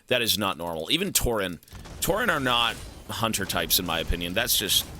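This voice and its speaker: A man's voice: on the low side, very animated, brisk, bright, forceful tone, slight background noise. A man streaming a game, chatting casually and rambling through strong opinions, swearing as he goes. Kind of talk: casual chat while gaming.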